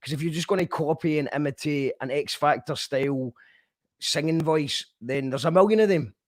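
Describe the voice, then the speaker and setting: Encouraging male host, fairly high voice. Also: moderate pace, dry recording, clean studio sound. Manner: encouraging and emphatic, with many restarts. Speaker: radio show host. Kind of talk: casual interview chat.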